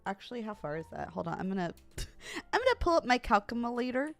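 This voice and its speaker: A woman's voice: fairly high pitch, brisk, vocal fry, soft background music. A young woman streamer chatting casually and animatedly with her viewers, laughing often. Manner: giggly, animated, talks straight to chat. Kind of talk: casual livestream chat with viewers.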